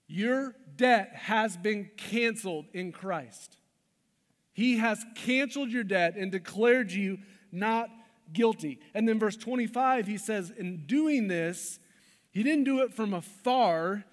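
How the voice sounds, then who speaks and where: Male pastor, high-pitched, emphatic sermon delivery in a church hall with long reverb. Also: takes it slowly. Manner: emphatic, shifts between loud stresses and hushed lines.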